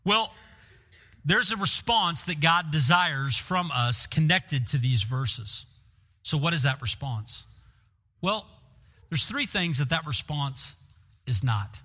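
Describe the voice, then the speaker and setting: Male pastor, high, very bright voice, earnest sermon, long reverb from a big church hall. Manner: earnest, asks the listeners questions.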